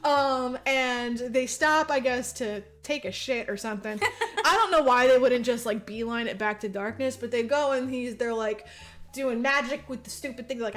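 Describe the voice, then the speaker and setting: A woman co-hosting a podcast, recapping a movie in casual, profane, rambling chat and acting out the characters in quick voices. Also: a little high, a bit bright. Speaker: podcast co-host.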